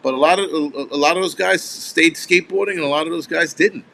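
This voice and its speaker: A man with a fairly high voice hosts a casual live stream and rambles from one thought to the next. He swears freely, and when he tells a story his delivery turns animated. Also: fairly quick, gravelly, slight background noise. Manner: rambling, with restarts. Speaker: host.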